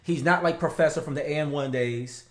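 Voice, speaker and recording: A man co-hosting a casual talk show, animated and slangy, laughing often. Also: on the high side, normal speed, roomy sound. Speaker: podcast co-host. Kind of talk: casual chat.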